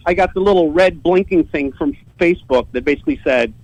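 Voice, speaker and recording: A man's voice: on the high side, brisk, creaky, darkish tone, no echo, poor audio. A man telling a story as a guest on a podcast, casual and profane, often stumbling and repeating words as he starts a sentence.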